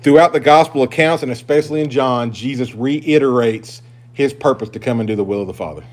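A man pastor preaching a sermon, emphatic and swinging between loud declarations and hushed asides. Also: medium pitch, fairly quick.

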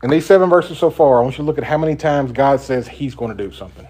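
A man leads an informal Bible study in a conversational, emphatic way. His voice sits at an ordinary middle pitch, and he stresses key points and puts questions to his group. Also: fast talker, a little mellow, breathy edge. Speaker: Bible teacher.

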